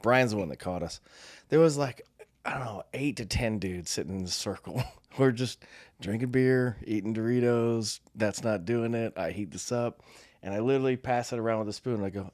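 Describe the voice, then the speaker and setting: A man's voice: fairly low pitch, normal speed, dry recording, studio quality. A middle-aged man, a former Marine, co-hosting a podcast and telling stories casually, laughing often. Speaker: podcast co-host. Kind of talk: casual storytelling chat.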